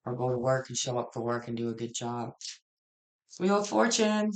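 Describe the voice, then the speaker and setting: A tarot reader gives a general reading in a loose, conversational style, blunt and frank with casual swearing and sentences that restart and wander. The voice is at an ordinary middle pitch, animated, at a moderate pace.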